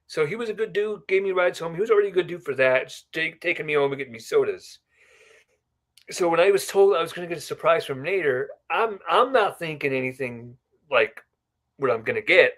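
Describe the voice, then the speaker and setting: A fairly high-voiced man in a podcast chat, spinning a long story with asides. He keeps tagging his sentences with a quick "right?". His tone stays easygoing and conversational. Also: expressive, a bit bright. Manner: often ends remarks with a questioning "right?"; chatty, rambling with asides. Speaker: podcast guest. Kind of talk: casual storytelling.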